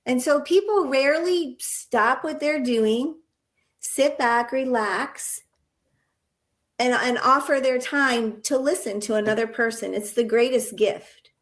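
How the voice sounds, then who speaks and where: A woman's voice: high-pitched, slow pace. A woman who teaches nursing, talking earnestly in an interview and illustrating her points with short acted-out examples. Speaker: nursing educator and guest. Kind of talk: conversational interview, storytelling.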